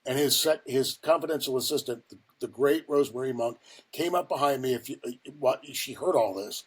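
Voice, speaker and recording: Husky older man telling stories. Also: medium pitch, fairly quick. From Ohio. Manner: rambling, profane, many fillers. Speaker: guest. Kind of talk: casual storytelling.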